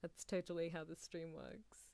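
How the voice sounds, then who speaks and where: Soft-spoken rambling woman. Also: low voice, very animated, moderate pace, gravelly. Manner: rambling, giggly, self-deprecating. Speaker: ASMR streamer.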